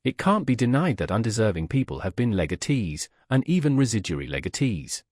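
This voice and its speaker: A man's voice: on the low side, sing-song, a little fast, a little mellow, no echo, studio quality. A man voicing a pompous, wordy male auctioneer who speaks in a sonorous, self-satisfied manner.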